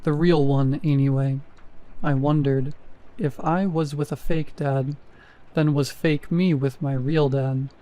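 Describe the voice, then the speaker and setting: Mellow man narrating a horror story. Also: a little high, fairly even intonation, a little slow, poor audio. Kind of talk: scripted narration.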